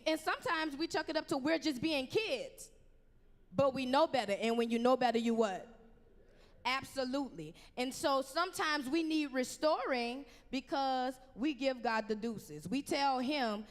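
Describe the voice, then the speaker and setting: A woman's voice: high-pitched, expressive, normal speed, long reverb tail. A woman preaching a conversational youth sermon in a church, full of slang and call-and-response with the crowd. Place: church sanctuary.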